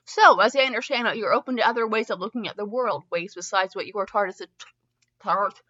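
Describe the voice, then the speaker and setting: On a muffled recording, a podcast host reads fanfiction aloud, stumbling over words and laughing at herself with comic asides between passages. She talks fast, with a medium-pitched, slightly bright voice.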